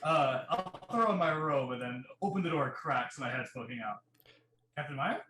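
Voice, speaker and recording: A man playing a tabletop game, describing his character's actions in a slow, drawn-out way. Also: mid-range voice, animated, sharp tone, a little hiss or hum. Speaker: player. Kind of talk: casual in-character narration. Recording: roomy, echoey mic.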